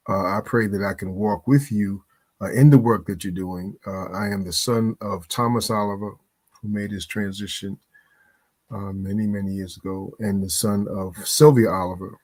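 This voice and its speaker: A man as a podcast guest, earnest and measured, quoting scripture with frequent pauses and fillers. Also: on the low side, steady tone, darkish tone. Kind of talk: interview answer.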